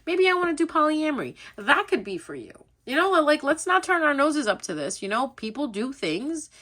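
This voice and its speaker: A woman's voice: sits high, sing-song, normal speed, pushed and bright. Chatty woman giving a tarot reading. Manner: chatty, rambling, laughs often, open-minded asides. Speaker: tarot reader. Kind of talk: casual tarot reading to camera.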